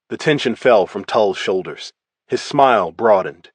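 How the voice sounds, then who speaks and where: Guy reading a thriller audiobook in first person, even measured voice, dry close sound. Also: fairly low pitch, breathy edge, no room sound. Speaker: audiobook narrator.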